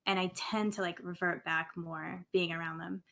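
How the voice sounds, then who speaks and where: A woman's voice: lowish voice, steady tone, gravelly, sharp tone. Chatty woman guest on a casual podcast. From England. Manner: chatty, casual swearing, quick laughs.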